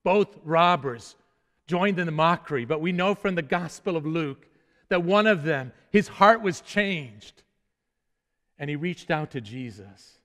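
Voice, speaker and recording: A man's voice: on the high side, expressive, unhurried, a bit bright, in a large hall. A male pastor preaching earnestly, stumbling over repeated words and letting his phrases sink to solemn endings. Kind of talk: sermon.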